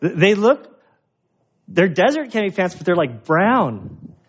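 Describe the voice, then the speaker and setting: A man's voice: sits high, sing-song, unhurried, husky, lo-fi sound. A man, a pastor, preaching a verse-by-verse sermon in a conversational, emphatic way with self-deprecating humor. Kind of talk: expository sermon.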